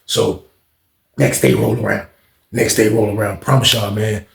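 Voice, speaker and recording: A man telling a story in a casual, animated, slangy way, acting out the scenes. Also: lowish voice, moderate pace, vocal fry, roomy sound.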